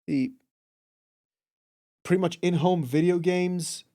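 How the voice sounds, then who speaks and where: A young man in his twenties, a podcast guest, hunting for words with lots of ums and restarts. His voice sits a little higher than most men's, and the sound is dry and close. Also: slow, warm tone, no room sound. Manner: hesitant, many fillers, earnest. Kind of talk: casual interview chat.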